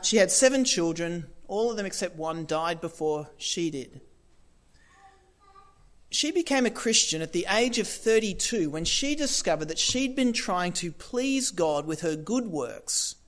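A man's voice: high voice, fairly bright tone. A man preaching a sermon in a conversational way, with asides and repeated phrases for emphasis.

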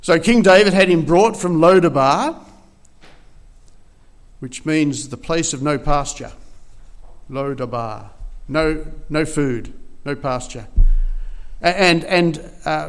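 A man's voice: fairly high pitch, measured pace. Man preaching in a chatty storytelling way. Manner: conversational storytelling with frequent restarts. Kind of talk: sermon.

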